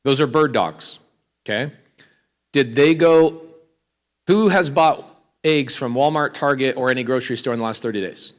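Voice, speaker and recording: A man's voice: mid-range voice, normal speed, pauses often, long reverb tail. A man giving a live real estate seminar, energetically quizzing the audience with questions and asking for raised hands. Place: large hall with an audience.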